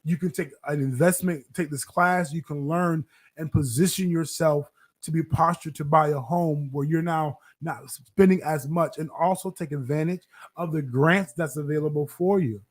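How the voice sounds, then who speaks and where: A man's voice: on the high side, steady tone, normal speed. A man hosting a community radio podcast, talking emphatically, repeating his phrases and laughing often. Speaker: podcast host. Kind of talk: energetic radio talk.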